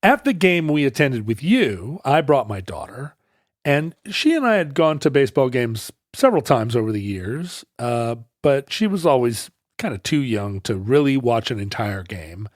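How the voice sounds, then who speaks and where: A man's voice: mid-range voice, sing-song, normal speed, no echo, studio quality. A man co-hosting a podcast, telling rambling stories in casual chat with many restarts. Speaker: podcast co-host.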